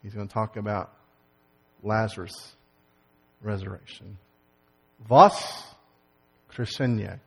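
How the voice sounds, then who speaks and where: Folksy pastor in a reverberant church. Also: male voice, medium pitch, normal speed. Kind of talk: church announcements and sermon opening. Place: church sanctuary. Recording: long hall reverb.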